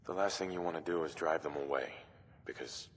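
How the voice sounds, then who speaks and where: A man voicing a terse, steady male wanderer hero with a husky voice. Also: extremely low pitch, brisk. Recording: game audio with reverb.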